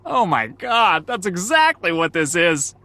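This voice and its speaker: A woman's voice: fairly low pitch, sing-song, unhurried, pushed and bright, exaggerated voice. A voice actor playing a sarcastic young male time traveler, casual and wisecracking. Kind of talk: video game voice acting.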